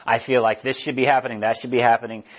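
A man's voice: medium pitch, level tone, fast. A man preaching in a chatty, conversational sermon style, poking fun at himself and putting questions to his listeners. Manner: chatty, self-deprecating, asks the audience questions. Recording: dull lo-fi recording.

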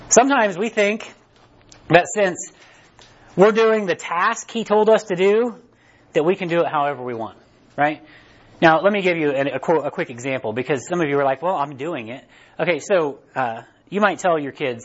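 A man's voice: on the high side, animated, normal speed, husky, lo-fi sound. A man preaching a casual, conversational sermon and checking in with "right?" again and again. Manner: conversational, repeats "right?" often. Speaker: pastor.

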